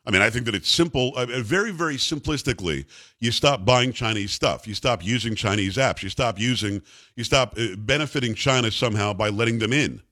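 A man's voice: mid-range voice, brisk. Male talk radio host, opinionated and emphatic, mid-range voice. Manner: emphatic, animated, mocking voices.

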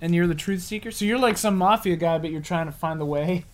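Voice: medium pitch, fast. Game facilitator walking players through rules, laid back, laughs a lot. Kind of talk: explaining game rules in casual chat.

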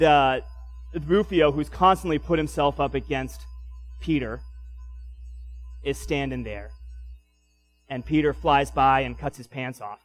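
A young man preaching a sermon in a church, telling stories casually and laughing often. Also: on the high side. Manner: casual, animated storytelling with laughs. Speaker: pastor.

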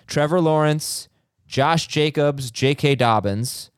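A man hosting a podcast, reading listener questions in a relaxed, teasing way with plenty of fillers. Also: on the high side, slow, smooth, dry recording, studio quality. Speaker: podcast host. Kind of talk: casual chat.

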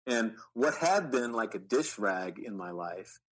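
A middle-aged man, an actor guest, telling animated stories in an interview with frequent restarts. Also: fairly low pitch, measured pace, rough recording. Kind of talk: storytelling interview.

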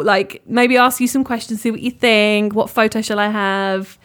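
A woman's voice: medium pitch, fairly even intonation, moderate pace, a bit bright. A woman co-hosting a podcast in casual chat, candid and swearing freely, often laughing as she talks. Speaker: podcast co-host.

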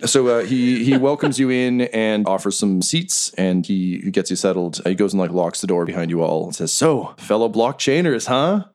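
A man's voice: low-pitched, steady tone, normal speed, few pauses, a little mellow. A man running a tabletop game as game master, narrating loosely and casually.

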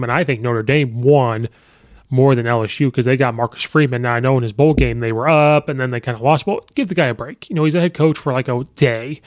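A man's voice: medium pitch, no room sound, studio quality. A man hosting a sports podcast, chatting casually and thinking aloud with frequent fillers as he weighs coaching records. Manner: conversational, thinks aloud with ums and you-knows. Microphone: podcast microphone.

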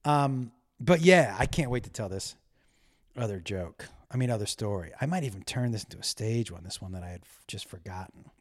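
This solo podcaster has a fairly low, expressive voice and talks a little fast. His rambling, offhand monologue is full of crude self-deprecating stories and constantly veers off course.

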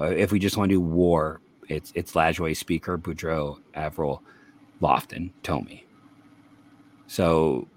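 A man's voice: low-pitched, slight background noise. A man hosting a casual sports podcast, reading statistics aloud with frequent fillers and restarts. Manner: reads stats aloud, hesitant with fillers and restarts. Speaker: podcast host.

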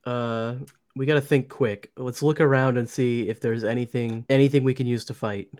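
A man's voice: medium pitch, steady tone, moderate pace, darkish tone, no echo, clean studio sound. A man co-hosting a podcast and playing a story game, laid-back, laughing and swearing freely. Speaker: player and podcast co-host. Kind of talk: casual game-playing chat.

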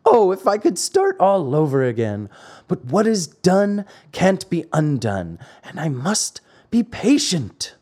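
A man's voice: sits high, wildly swooping pitch, takes it slowly, mellow, pitched above the performer's own voice, heavily acted. A man voicing a small wooden puppet boy who pleads and weeps. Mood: remorseful. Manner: pleading, tearful.

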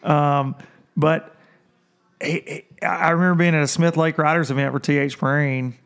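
A male host with a slightly raised voice tells a rambling fishing story, laughing often. He slips into little voices to quote friends, and his delivery stays loose and animated. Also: fairly high pitch, moderate pace, clear, resonant tone. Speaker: podcast host. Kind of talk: casual storytelling chat.

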